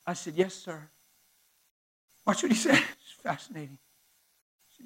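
A man, a pastor telling a story in a sermon, acting out both sides of the conversation and swinging from hushed to loud. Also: high voice, animated, normal speed, slightly rough, rough recording.

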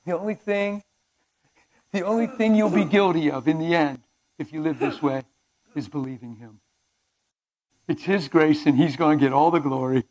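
A man with a notably high voice preaches with fire, jumping from shouted exclamations to quiet, almost whispered lines. He laughs along with his audience and talks to them like old friends. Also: moderate pace, long pauses. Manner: impassioned, swinging between shouts and hushed asides. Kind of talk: fervent sermon. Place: men's breakfast at a conference.

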